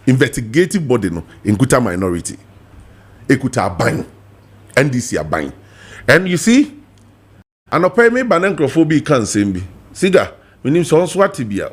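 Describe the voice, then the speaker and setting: A man with a Ghanaian accent hosting a heated political talk show, emphatic and animated, switching between English and Twi. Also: medium pitch, slightly rough. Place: TV studio.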